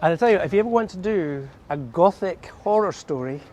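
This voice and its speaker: A Scottish man with a notably high voice leads a walking tour outdoors, chatting and telling stories as he points things out. He talks among old tombs in a city. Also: lively intonation, darkish tone, slight background noise. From Scotland. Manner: chatty, storytelling, quick laughs. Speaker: tour guide.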